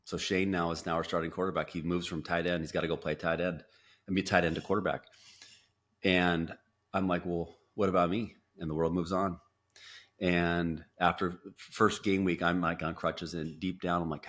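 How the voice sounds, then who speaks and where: Deep-voiced man telling a story. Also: normal speed. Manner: animated storyteller, acts out quotes, frequent restarts. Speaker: podcast guest. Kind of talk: storytelling interview.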